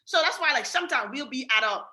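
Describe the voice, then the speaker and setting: Bahamian woman, team trainer: bright, high voice with lots of swing, emphatic and direct. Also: lively intonation, fast. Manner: emphatic, repetitive, addresses listeners directly.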